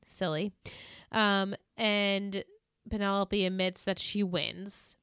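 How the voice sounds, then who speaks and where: A woman with a smooth, even voice chats casually as a podcast co-host. She retells scenes with lively energy. The sound is dry and close to the mic. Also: mid-range voice, slow pace, no echo. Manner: animated retelling, acts out quoted lines in exaggerated voices. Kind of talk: casual recap chat.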